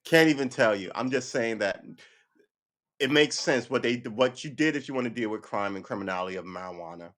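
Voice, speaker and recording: A man's voice: medium pitch, brisk, fairly bright tone. Rambling, profane male stream commentator. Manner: rambling, profane and joking, addresses viewers as boys and girls; thinks aloud, often restarts and self-corrects. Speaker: live-stream news commentator. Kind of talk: casual political commentary.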